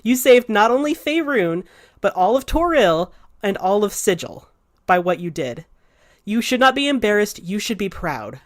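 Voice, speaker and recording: A woman's voice: sits high, big pitch swings, moderate pace, hardly any pauses, pitched above the performer's own voice. A woman voicing an affectionate young man who reassures his partner in a tabletop game. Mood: earnest. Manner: earnest, reassuring.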